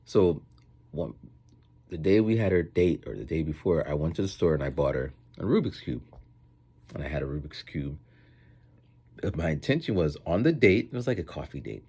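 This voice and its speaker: A man's voice: a bass voice, moderate pace, long pauses, slightly rough. A man rambling through casual stories in a vlog, acting out the people he quotes. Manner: rambling, animated, acts out quoted voices. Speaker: vlogger. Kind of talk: casual storytelling monologue.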